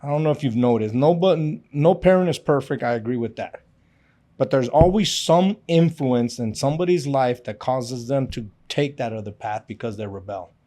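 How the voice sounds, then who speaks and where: A man's voice: medium pitch, moderate pace, dark tone. A middle-aged man co-hosting a podcast, talking in a blunt, emphatic casual way and laughing often. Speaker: podcast co-host. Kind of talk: casual chat.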